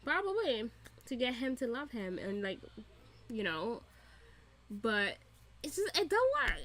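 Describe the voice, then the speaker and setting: A woman's voice: high-pitched, sing-song, slow, a bit bright. A woman giving casual reaction commentary, emphatic and repetitive, laughing often and swearing freely. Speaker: reaction channel host.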